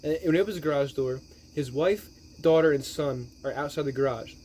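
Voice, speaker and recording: A man's voice: fairly high pitch, brisk, darkish tone, a little hiss or hum. A man giving a rambling, exasperated movie recap, swearing heavily as he talks. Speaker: movie reviewer. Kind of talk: profane movie recap rant.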